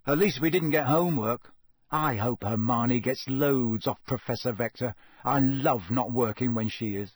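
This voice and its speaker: A man's voice: mid-range voice, normal speed, no echo, clean studio sound, close to an everyday voice. A man reading a storybook aloud and voicing a cheeky teenage schoolboy in a teasing, sulky way.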